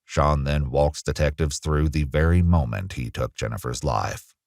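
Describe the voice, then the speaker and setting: A man narrating a true crime documentary in a measured, grave manner. His voice is extremely deep, and the voice-over is close and dry. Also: creaky, a little mellow, no room sound.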